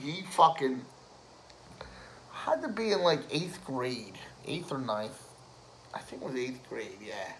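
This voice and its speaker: A man with a high, bright voice rants at a slow, drawn-out pace. He swears constantly, leans on fillers and laughs at his own jokes. The delivery is crude and rambling. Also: low-quality recording. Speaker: host ranting to camera. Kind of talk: profane rambling rant.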